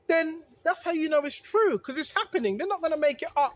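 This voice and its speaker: A religious video maker preaches casually to viewers in a high, expressive, slightly bright voice, speaking briskly with few pauses. She repeats phrases for emphasis, corrects herself by restarting sentences, and often asks "right?"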